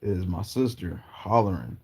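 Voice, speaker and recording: A man from Portland telling personal stories in a casual, rambling, halting way with slang. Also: sits low, lively intonation, husky. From Portland, Oregon, US. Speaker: storyteller. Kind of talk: casual storytelling.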